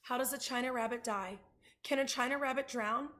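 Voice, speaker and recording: A woman's voice: high voice, a little fast, bright, forceful tone. Brief: vain male china rabbit, dry inner voice, woman reader. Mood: musing.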